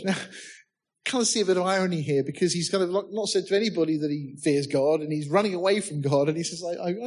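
A man's voice: fairly high pitch, husky. A man preaching a sermon, reading scripture aloud and asking his listeners questions, with touches of humor. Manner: reads scripture aloud in old-fashioned wording.

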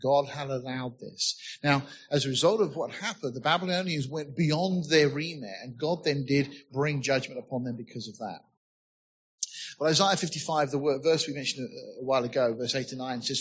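A man's voice: medium pitch, normal speed, slightly rough, highs cut off. A man preaching a sermon, earnestly explaining scripture and asking rhetorical questions.

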